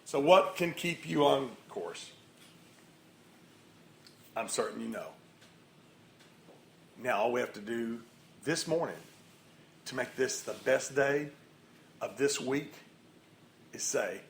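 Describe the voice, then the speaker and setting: A man giving an energetic motivational sermon at a morning meeting, rallying the crowd with loud bursts. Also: mid-range voice, measured pace, long pauses, slight background noise. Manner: lively, rallying crowd, sudden loud outbursts. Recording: echoey room, faint ambience.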